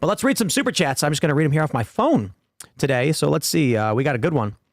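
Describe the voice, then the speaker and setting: A man's voice: a little high, animated, fast talker, no echo, clean studio sound. A man hosting a podcast, chatting casually with his panel, reading viewer comments aloud and often repeating words as he starts a sentence. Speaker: podcast host.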